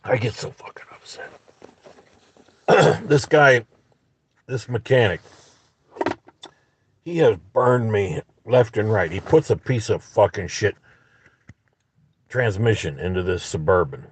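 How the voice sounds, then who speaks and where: A man's voice: on the low side, lively intonation, takes it slowly, pauses often, husky. A man telling a story in a profane, angry, rambling rant from inside a parked car. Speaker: vlogger. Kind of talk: ranting storytelling vlog.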